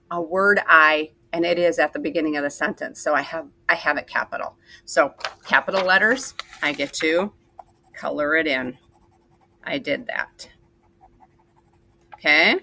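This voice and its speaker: A woman's voice: on the low side, pushed and bright. A woman teacher leading a writing lesson for second graders, patient and sing-song as she walks them through each step. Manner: slow, patient, sing-song teacher talk to young kids. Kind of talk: recorded classroom lesson for children.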